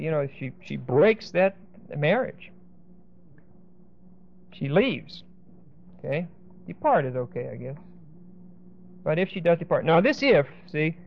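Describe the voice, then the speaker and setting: A man with a fairly high voice leads a Bible class, explaining each point and pausing to check that the class is following. The recording is dull and muffled, with the top end rolled off. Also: gravelly, slight background noise. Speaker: Bible teacher.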